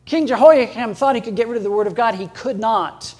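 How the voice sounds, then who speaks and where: A male pastor delivering a sermon in a notably high voice. He preaches emphatically, jumping up in pitch and loudness to drive points home. He chuckles between points. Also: fairly quick. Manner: emphatic, with sudden rises in pitch and volume.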